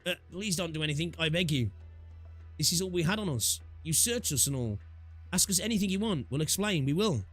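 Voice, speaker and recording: A man's voice: a little high, animated, a little fast, a bit bright, faint music behind. A man voicing a frightened young prisoner who stammers and begs, reading game dialogue aloud. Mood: pleading. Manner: stammering, begging.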